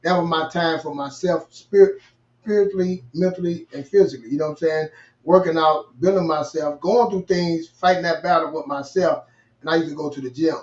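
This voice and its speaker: A man's voice: on the high side, fairly even intonation, brisk, a little mellow. A man, an earnest co-host talking casually and repeating himself as he goes. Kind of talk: casual conversational talk. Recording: distant, roomy, dull remote audio.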